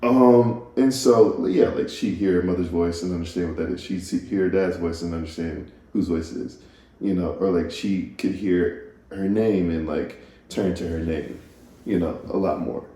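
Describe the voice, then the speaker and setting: A man's voice: low-pitched, normal speed, dark tone. A man hosting a solo podcast, musing casually and rambling, stopping and restarting and laughing at himself. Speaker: podcast host. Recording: echoey room.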